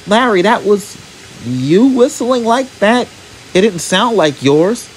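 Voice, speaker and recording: A man doing a high, flustered young girl engine. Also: very animated, takes it slowly, slight background noise, heavily acted, low-quality recording. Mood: relieved. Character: young female engine, teasing then grateful.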